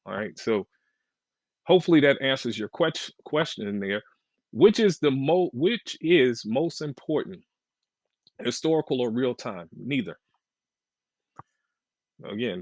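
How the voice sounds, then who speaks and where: A man with a fairly low voice talks through trading questions in a loose, conversational way. He doubles back on his words and punches certain phrases louder. The sound is close and dry, with no room around it. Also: no room sound. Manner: casual, repeats and restarts phrases, emphatic swings in loudness. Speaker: trading educator. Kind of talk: live Q&A stream on trading.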